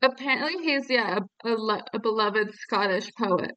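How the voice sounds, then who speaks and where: A woman's voice: on the high side, moderate pace, low-quality recording. Teasing woman podcast co-host. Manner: teasing, deadpan banter. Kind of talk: casual podcast chat.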